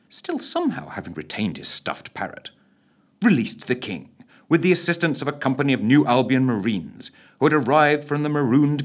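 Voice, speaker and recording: A man, narrating a bedtime story in an expressive, theatrical way. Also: mid-range voice.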